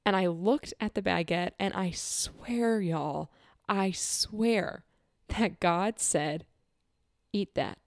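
A woman in casual conversation, telling a personal story in an earnest, animated way, laughing often and acting out quotes. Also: on the low side, slow pace, no room sound, studio quality.

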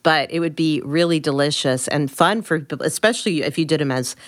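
A woman's voice: low-pitched, a little fast, no room sound. A woman hosting a podcast in casual chat about food, chatty and laughing often. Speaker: podcast host.

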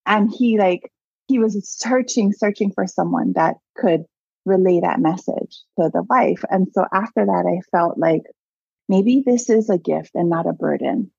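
Husky-voiced woman telling a story. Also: lowish voice, measured pace, no room sound, dull audio. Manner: animated storyteller, many "like"s and laughs. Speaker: guest, abundance mindset coach. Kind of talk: casual storytelling interview.

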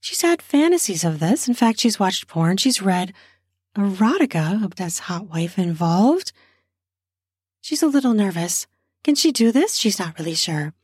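A woman's voice: mid-range voice, measured pace, slightly rough, dry recording, studio quality. Woman improvising an erotic story. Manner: lively, spontaneous, conversational.

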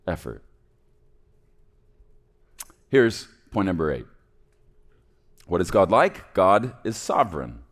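A man preaching a sermon in a church, playful, swinging between loud emphasis and hushed asides. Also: mid-range voice. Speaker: pastor.

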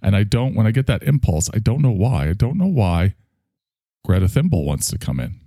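A stream host delivers a casual monologue to his online audience, rambling, reflecting on himself, and swearing freely. His voice sits on the low side and is mellow, very animated, and a little fast, captured dry with clean studio sound.

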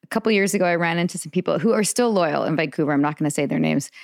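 A woman co-hosting a podcast, talking quickly and emphatically in casual chat and slowing down for the lines she quotes. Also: lowish voice, gravelly, no room sound, clean studio sound. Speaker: podcast co-host.

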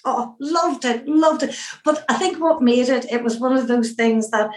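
A middle-aged woman from Northern Ireland with a Northern Irish accent, telling stories as an interview guest in a lively way, with many fillers. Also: sits high, normal speed, echoey room, crowd noise, low-quality recording. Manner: lively storyteller who acts out her own past remarks, with many fillers. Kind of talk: anecdotal interview storytelling.

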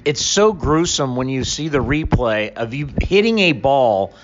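A man's voice: medium pitch, animated, a little slow, lo-fi sound. A man co-hosting a baseball talk show, chatting in a conversational, reflective way. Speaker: baseball podcast co-host. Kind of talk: casual sports chat.

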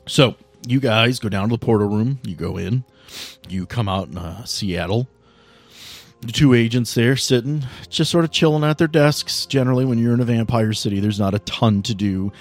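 A man's voice: medium pitch, moderate pace, faint music behind. A man narrating a tabletop game as game master, in a loose, joking way.

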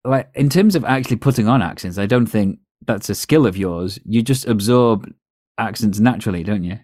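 A low-voiced man with a North West English accent hosts a casual podcast chat. He tells stories at length, laughing now and then. The sound is dry and close. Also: moderate pace, a little mellow, no echo. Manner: storytelling, chatty with laughs. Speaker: podcast host.

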